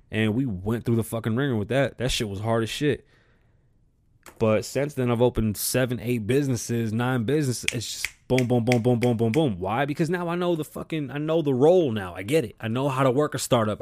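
A man's voice: mid-range voice, brisk, darkish tone, no room sound. A man hosting his own show, ranting bluntly about politics and business in a profane, repetitive way. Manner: blunt, profane and repetitive, building to heated outbursts. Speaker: show host. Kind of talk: opinion rant monologue.

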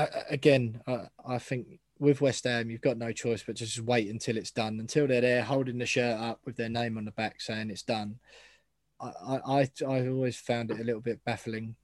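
Podcast host guy, chatty and laughy, dry mic, middle pitch. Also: fairly even intonation, normal speed, no room sound. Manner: chatty, rambling, laughs easily. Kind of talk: casual football podcast chat.

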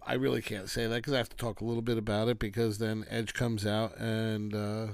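Male reviewer with a smooth, dry voice who rambles and rants, brushing things off casually. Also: lowish voice, level tone, brisk, dry recording. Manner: rambling and dismissive, breaks into rants. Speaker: wrestling show reviewer. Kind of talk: casual solo commentary.

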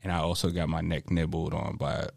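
A man on a casual podcast who chimes in with quick profane reactions and teasing questions. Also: a bass voice, fairly even intonation, gravelly, no echo, clean studio sound. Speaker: podcast co-host. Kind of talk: casual chat.

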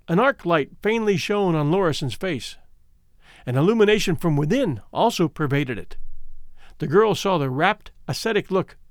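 Male audiobook narrator, lively delivery. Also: fairly high pitch, normal speed, no room sound, clean studio sound.

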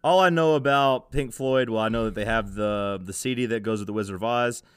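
A man's voice: mid-range voice, brisk, a bit bright, smooth, no room sound. A young man co-hosting a casual podcast, telling a rambling story and laughing easily. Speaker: podcast co-host.

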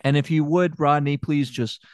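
A man playing an inept male therapist in an improvised comedy podcast, speaking slowly in a soothing, hypnotic way. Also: fairly high pitch, fairly even intonation, no room sound, close to an everyday voice. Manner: slow, soothing hypnotic delivery.

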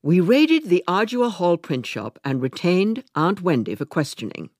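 A woman voicing a middle-aged male commander who speaks in a smooth, coldly polite way. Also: fairly low pitch, very animated, measured pace, a little mellow, dry recording, studio quality, voice pushed up.

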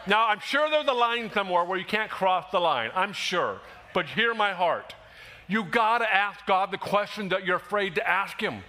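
A man preaching a sermon, animated and emphatic, acting out quoted voices and rising to shouts. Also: high voice, moderate pace. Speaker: pastor.

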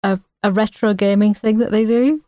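A woman's voice: medium pitch, fairly even intonation, normal speed, mellow. Tired laid-back woman co-host. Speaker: podcast co-host. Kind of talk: casual chat.

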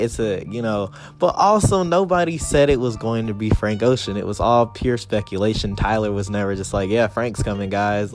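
A man hosting a podcast, ranting casually and profanely, his voice jumping high when he gets heated as he paces a small room. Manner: profane, heated ranting with big pitch jumps. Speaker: podcast host. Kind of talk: casual solo rant. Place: small room with door closed.

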